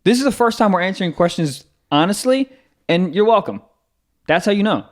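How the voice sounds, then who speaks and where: A young man co-hosts a comedy podcast, his voice fairly high and bouncing all over the place. He talks fast and loose, swears freely and breaks into laughter. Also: animated. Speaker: podcast co-host. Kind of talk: casual comedy chat.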